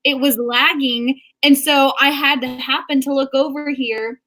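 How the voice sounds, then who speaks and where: A woman's voice: high-pitched, steady tone, measured pace, pushed and bright. A woman in her twenties hosting a casual writing vlog over a video call, bubbly and giggly, often breaking into laughter. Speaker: host. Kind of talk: casual chat.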